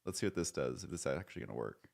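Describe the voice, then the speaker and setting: A man's voice: very deep voice, animated, rapid-fire, creaky, darkish tone. A man streaming live, chatting casually and rambling, joking at his own expense and swearing now and then.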